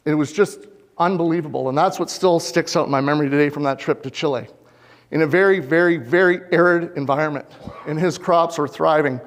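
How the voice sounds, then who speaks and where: Man from Canada, farmer presenting, earnest, fairly high voice, long hall reverb. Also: brisk. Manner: earnest, questions the audience directly. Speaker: farmer giving a conference talk. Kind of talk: public presentation. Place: conference hall. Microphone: lapel mic.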